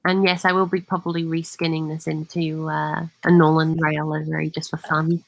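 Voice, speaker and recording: A woman's voice: low voice, flat delivery, moderate pace, creaky, low-quality recording. A woman hosting a livestream in casual chat, greeting viewers as she talks. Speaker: livestream host.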